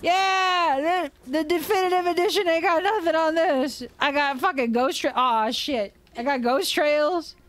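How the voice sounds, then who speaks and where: A young woman streamer giving casual gameplay commentary, excitable and swearing often. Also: high-pitched, measured pace, few pauses, faint music behind. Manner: excitable, swearing, shrieks and laughs.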